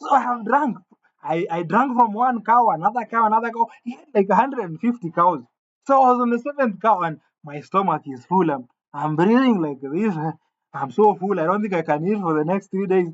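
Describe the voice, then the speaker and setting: A man telling a comic gossip story in an animated way, stammering over restarts and jumping suddenly into quoted voices. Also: high-pitched, fairly quick. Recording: dull lo-fi sound.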